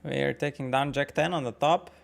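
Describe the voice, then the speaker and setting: A man streaming poker, thinking out loud about each hand, swearing often and questioning his own nerves as he talks to his chat. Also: mid-range voice, steady tone, fairly quick, vocal fry. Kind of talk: live-stream commentary while playing.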